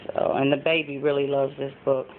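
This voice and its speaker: In a casual show-and-tell vlog from home, a mom walks through her thrift haul, often saying um. Her voice is rumbling low with little pitch movement, and she talks fairly quickly. It's recorded in phone-like lo-fi with faint noise in the background.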